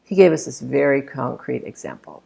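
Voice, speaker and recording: A woman's voice: rumbling low, sing-song, moderate pace, vocal fry, warm tone, husky. A woman speech coach critiquing a talk, explaining points in an emphatic, demonstrative way. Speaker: public speaking coach.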